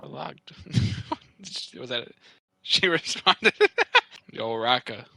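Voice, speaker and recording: A man's voice: medium pitch, animated, drawn-out words, sharp tone, no echo, rough recording. A man co-hosting a casual podcast, joking, teasing and laughing often over a home mic on a voice call. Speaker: podcast co-host.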